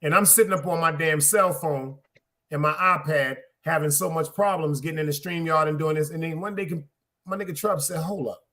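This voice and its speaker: A man with a high, ringing, bright voice holds forth on his podcast in loose, profane street talk. He sounds middle-aged and talks loud and brash. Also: a little fast. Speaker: podcast host. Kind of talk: casual chat.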